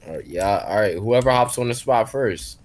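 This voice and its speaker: A man's voice: lowish voice, moderate pace. A man hosting a live game stream, chatting casually with viewers and teammates in slangy, laid-back talk. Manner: laid-back, slangy, repeats questions to chat. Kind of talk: casual chat while gaming.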